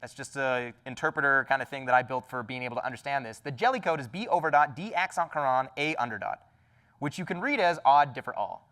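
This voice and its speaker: A man's voice: mid-range voice, animated, quick pace, a bit bright, distant mic. A man giving a technical talk at a conference, explaining enthusiastically with lots of fillers and restarts. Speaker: conference speaker. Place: conference hall.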